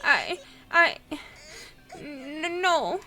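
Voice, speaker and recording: A woman's voice: sits high, sing-song, drawn-out words, sharp tone, faint music behind, voice pushed up, heavily acted. A woman voicing a terrified teenage girl who pleads through tears and stammers. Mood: terrified pleading.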